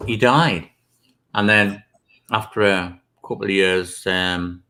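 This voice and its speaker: A man's voice: sits low, slow, sharp tone, slight background noise. A British man, an author and guest, telling rambling stories with many ums and restarts. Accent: British English. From Britain. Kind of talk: casual interview storytelling.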